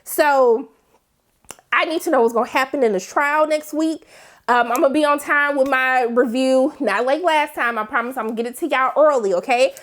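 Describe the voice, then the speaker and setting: A woman reviewing a TV episode in a casual vlog, talking in an animated, emphatic and slangy way. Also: high voice, normal speed. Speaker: TV recap reviewer.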